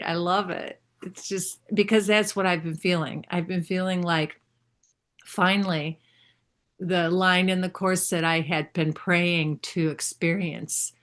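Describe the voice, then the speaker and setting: A woman's voice: on the low side, fairly bright tone. Older woman, casual sharing, rambling and self-interrupting with frequent laughter. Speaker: spiritual group member sharing.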